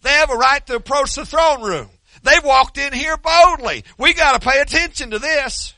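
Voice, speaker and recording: A man voicing Jesus speaking formally and insistently before the Father, pitched well above his own speaking voice. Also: normal speed, sharp tone, no room sound, heavily acted. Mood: proclaiming. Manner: formal, proclamatory, raised and insistent.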